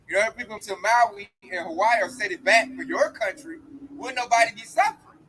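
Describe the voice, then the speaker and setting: A man preaching a loose, animated street sermon full of slang, reading scripture and riffing on it. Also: high voice, fast, breathy edge, rough recording.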